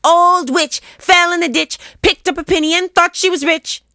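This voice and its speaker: A woman's voice: deep voice, animated, moderate pace, bright, forceful tone, no echo, studio quality. A woman voicing a reckless young girl who puts on a show of bravado to lead the other children. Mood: bold taunting. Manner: bossy, mock-brave.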